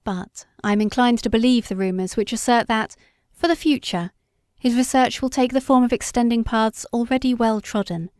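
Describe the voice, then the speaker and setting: A woman reading a story aloud as an audiobook narrator, in a measured, unhurried way. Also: a little high, steady tone, a little mellow, no echo, studio quality. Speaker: audiobook reader. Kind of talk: scripted narration.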